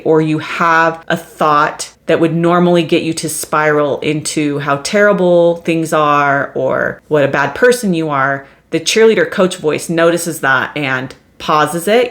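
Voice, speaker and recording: A woman hosting a solo self-help podcast, speaking in a measured, repetitive teaching tone. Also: low-pitched. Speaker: podcast host.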